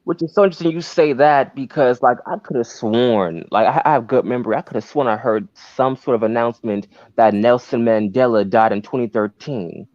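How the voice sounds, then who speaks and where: A man co-hosting a casual podcast, telling stories in a drawn-out, conspiratorial way. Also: medium pitch, a little mellow, dry recording. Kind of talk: casual chat. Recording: dull, dry lo-fi sound.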